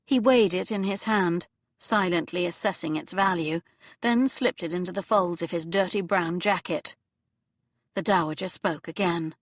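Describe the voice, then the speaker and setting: A woman reading an audiobook novel in measured, dramatic storytelling narration on a close studio mic. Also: lowish voice, no room sound.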